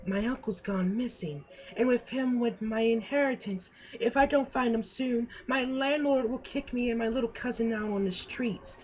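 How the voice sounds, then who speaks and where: A man voicing a tearful woman client who pleads for help, in a high put-on falsetto, as part of a comic dramatic reading. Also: moderate pace, few pauses, a little mellow, a little hiss or hum. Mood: pleading.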